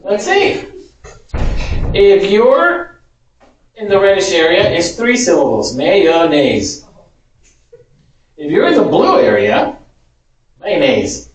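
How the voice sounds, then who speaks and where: A man's voice: high-pitched, huge pitch swings, measured pace, long pauses. A man, a Spanish teacher, giving a chatty, amused informal lecture. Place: large echoey parish hall. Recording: echoey hall, distant mic.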